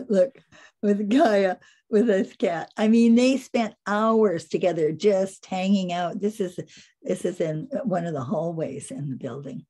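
An older woman casually telling stories over a slide show, animated, often laughing and trailing off mid-sentence. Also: mid-range voice, a little slow. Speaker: animal trainer presenting photos.

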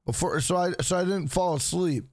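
Tired dude on stream, highish voice that swings around, keeps trailing off and repeating bro, dry close mic. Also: male voice, fairly quick, no echo. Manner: weary and mumbling, trailing off low, repeats himself with "bro". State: exhausted. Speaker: gaming streamer. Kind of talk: casual live-stream chat.

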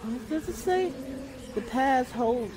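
Young female streamer, scared chatter, lively and a bit high, noisy background. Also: takes it slowly. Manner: jumpy, chatty, talks to the game and viewers. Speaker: gamer streamer. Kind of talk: let's-play commentary.

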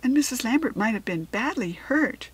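A woman reading a storybook and voicing an earnest young farm girl, with a breathy, eager and questioning manner. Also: a little high, lively intonation, normal speed, voice pushed up, poor audio.

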